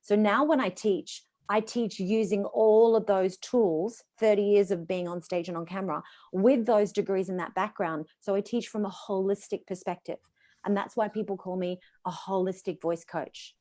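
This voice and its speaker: A woman's voice: medium pitch, normal speed. A middle-aged Australian woman, a voice coach, speaking expressively as a guest on a live video call. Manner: expressive, demonstrates voices while teaching.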